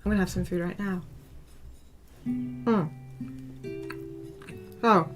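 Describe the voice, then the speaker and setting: A young woman streaming, chatting casually with her viewers, rambling with many ums and soft laughs. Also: on the low side, slow pace. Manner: rambling, frequent ums, soft laughs, talks to chat by name. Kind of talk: casual livestream chat. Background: soft guitar music.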